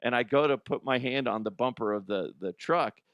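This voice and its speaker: A man's voice: medium pitch, fairly quick, no room sound, lo-fi sound. A middle-aged man hosting a comedic news show, rambling, laughing often and making crude jokes. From Colorado, US. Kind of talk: casual comedic news commentary. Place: studio.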